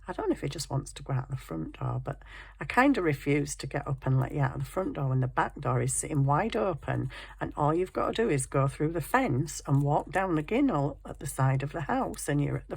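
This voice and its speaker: A woman's voice: sits low, vocal fry, darkish tone, slightly rough, no echo. A woman chatting casually and rambling cheerfully about her craft project at her home desk. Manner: rambling, self-deprecating, chatty. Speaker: craft vlogger.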